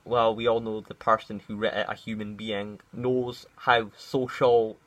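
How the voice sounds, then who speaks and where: A man's voice: on the low side, flat delivery, a little slow, fairly bright tone, rough recording. A man vlogging in casual, rambling commentary, with many fillers and restarts.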